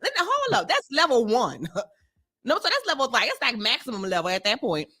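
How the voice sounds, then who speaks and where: A woman, co-hosting a casual chat show and telling a blunt, animated story with frequent laughter. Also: on the high side, fairly quick, breathy edge. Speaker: podcast co-host.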